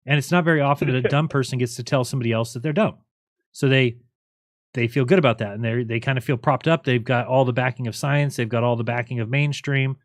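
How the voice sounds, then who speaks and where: A man's voice: medium pitch, steady tone, fast, no echo, clean studio sound. A man hosting a call-in show, talking bluntly and mockingly and laughing often. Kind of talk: casual call-in talk.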